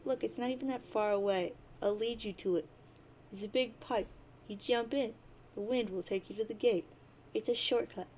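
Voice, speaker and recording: A woman's voice: a little high, moderate pace, a little mellow, a little hiss or hum, lightly acted. A woman reading as a bossy, mocking blind girl. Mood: teasing. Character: blunt, teasing blind teen girl. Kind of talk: reading a webcomic aloud.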